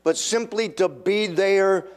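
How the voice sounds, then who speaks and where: An older man preaching a sermon, slow and emphatic, acting out quoted voices with sudden jumps in pitch. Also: smooth. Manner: animated, acts out quoted voices.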